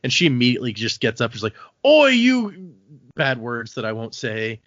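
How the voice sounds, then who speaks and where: Quick and sharp in tone, this podcast host and editor chats casually, wandering through anecdotes with frequent restarts. His pitch is medium and his intonation level. The recording is dry and has a dull, lo-fi quality.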